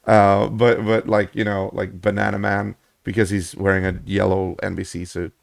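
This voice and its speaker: A man with a low, gravelly voice rambles over a replay of his own roleplay and second-guesses what he did. The sound is dry and close to the mic, with no room around it. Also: little pitch movement, normal speed, no echo. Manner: rambling, self-critical. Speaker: commentator reviewing his roleplay. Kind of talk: reflective commentary.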